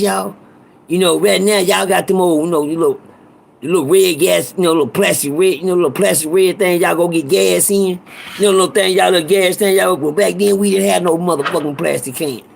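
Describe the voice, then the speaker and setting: A man's voice: sits high, steady tone, fairly quick, vocal fry. A man telling a rambling, profane story from his past in a casual way, often repeating himself.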